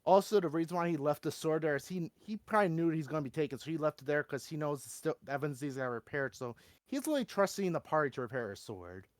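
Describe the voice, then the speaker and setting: A man's voice: a little high, quick pace, dry recording. Man playing a tabletop game, dry close mic. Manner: animated, slips into his character's lines. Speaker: player. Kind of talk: tabletop role-play chat.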